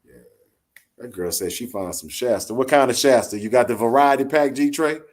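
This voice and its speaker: A man hosting a live late-night talk show, chatting casually with a soft-spoken, laid-back, joking manner over a phone line. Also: mid-range voice, moderate pace. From Orange, Texas. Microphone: phone call into live audio show.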